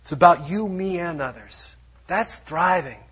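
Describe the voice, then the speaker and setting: A man preaching a lively sermon, acting out little quotes as he goes. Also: sits high, a little slow, breathy edge. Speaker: pastor. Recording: dull lo-fi sound.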